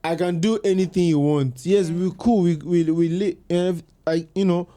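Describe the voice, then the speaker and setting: A man's voice: sits high, normal speed. A man, chatting casually as a podcast guest and telling stories animatedly. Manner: animated storyteller, mimics his mom in quoted asides. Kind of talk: casual chat.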